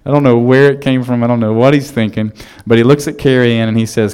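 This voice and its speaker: A man in his thirties preaching a sermon as pastor, telling stories in a relaxed, conversational way with frequent restarts. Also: medium pitch, fast, clean tone.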